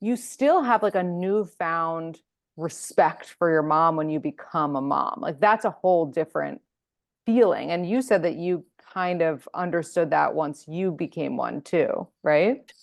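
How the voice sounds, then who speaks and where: Young woman, podcast host, casual and chatty, somewhat low voice. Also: measured pace, vocal fry. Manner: casual, chatty, many "like" fillers. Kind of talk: podcast interview.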